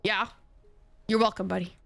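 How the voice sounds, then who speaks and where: A young woman streaming a game in a casual, expressive way, swearing often and mixing in Arabic phrases. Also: medium pitch, normal speed, creaky.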